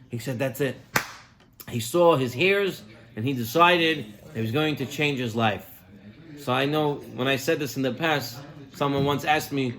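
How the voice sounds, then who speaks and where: A man preaching as a rabbi, telling a story with lively acted-out voices. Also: takes it slowly. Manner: animated, acts out quoted voices with big pitch jumps. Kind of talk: sermon storytelling.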